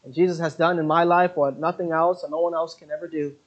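A man's voice: a little high, little pitch movement, fast, lightly acted. A preacher playing a faithful woman convert, earnest and resolute, muffled recording. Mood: tender. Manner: earnest, resolute, quoting scripture. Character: devout middle-aged woman convert, steadfast. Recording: dull lo-fi recording.

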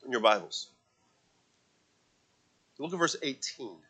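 A man preaching a sermon to a congregation, swinging from quiet, conversational stretches to loud, impassioned calls with repeated words. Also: medium pitch, animated, slow, husky. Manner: asks the congregation to read aloud with him. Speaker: pastor.

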